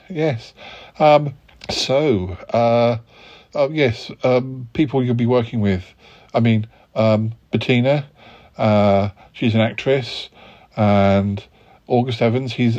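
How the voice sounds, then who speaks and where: A man's voice: medium pitch, steady tone, slow, darkish tone, dull audio. A man hosting a comedy podcast, polite and hesitant, full of ums and stammered restarts. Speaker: podcast host. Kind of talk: improvised comedy sketch.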